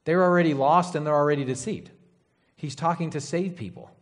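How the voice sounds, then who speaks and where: A man's voice: a little high, brisk. A man preaching a conversational Bible sermon, casual and rambling, often checking in with "right?". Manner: casual, rambling, frequent "right?" and "you know".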